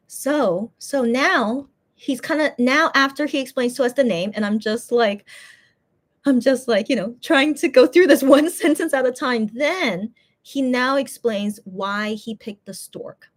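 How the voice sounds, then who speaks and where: High-voiced, giggly woman rambling. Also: a little slow. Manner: giggly, rambling, animated, many restarts; loud bursts of laughter. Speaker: fan vlogger. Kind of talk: casual reaction commentary.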